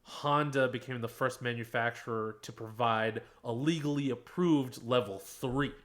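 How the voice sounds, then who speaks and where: A man co-hosting a casual podcast, walking friends through his research in a halting way with many fillers. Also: medium pitch. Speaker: podcast co-host presenting research.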